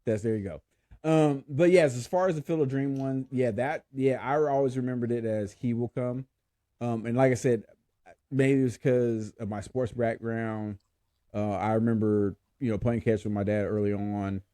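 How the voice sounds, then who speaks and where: A man's voice: medium pitch, steady tone, normal speed, mellow, no room sound, studio quality. A man hosting a podcast in casual chat, laughing often and stumbling over his words. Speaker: podcast host.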